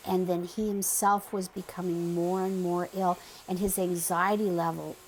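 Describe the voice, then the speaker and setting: A woman interviewed for a documentary, speaking earnestly and haltingly. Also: on the low side, flat delivery, darkish tone, slight background noise, rough recording.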